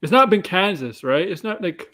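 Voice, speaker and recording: A man chatting casually as a co-host, his slightly high voice swinging up and down as he rambles. He restarts his sentences often and laughs between thoughts. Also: lively intonation, moderate pace, fairly bright tone. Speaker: podcast co-host. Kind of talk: casual chat.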